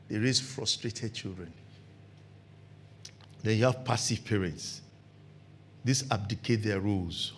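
A man's voice: mid-range voice, a little hiss or hum. A man with a Nigerian accent preaching a sermon, acting out scenes and laughing along the way. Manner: animated, acts out scenes with laughter. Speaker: pastor. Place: church.

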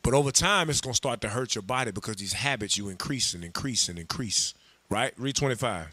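A man teaching a scripture class, animated and joking, calling on others to read. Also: mid-range voice, a little fast, husky, no echo. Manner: animated, humorous, calls on readers. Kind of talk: sermon.

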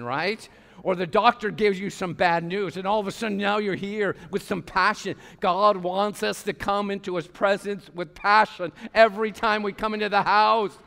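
A man preaching a passionate sermon as pastor of a church, swinging between loud calls and quiet asides. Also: sits high, clean tone. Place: church sanctuary. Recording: long hall reverb.

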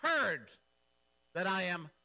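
A man's voice: sits high, big pitch swings, slow pace, pushed and bright, full character voice. A man voicing a hopeful, unloved young wife.

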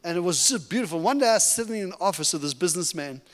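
A middle-aged man from Africa giving a sermon testimony as a guest preacher, telling his story in an animated, humorous way. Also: sits high, racing. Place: church sanctuary. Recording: long reverb of a church hall.

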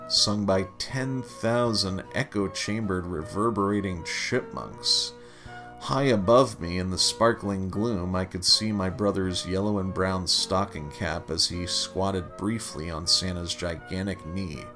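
A male storyteller reads a comic memoir in a dry, wry, deliberate way. His voice sits on the low side and moves at an unhurried pace. Quiet guitar music plays faintly beneath the reading. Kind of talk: scripted narration of a humorous memoir story.

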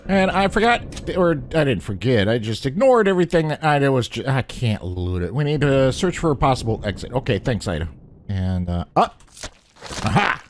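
A man's voice: medium pitch, slight background noise. A man hosting a gaming channel, chatting casually through his gameplay and politely addressing the enemies he fights.

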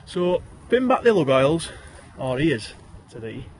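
A man's voice: fairly high pitch, very animated, slow pace, a little mellow, slight background noise. A man with a broad Yorkshire accent reciting comic rhyming verse, addressing the listener as thee. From Yorkshire, England.

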